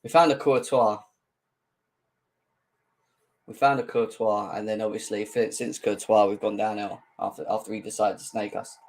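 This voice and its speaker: A young man hosting a live football fan stream, bantering and mocking rival fans in slangy, excitable talk. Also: normal speed, long pauses. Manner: mocking banter, slangy, laughs often, mimics rival fans in squeaky voices. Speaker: football channel host.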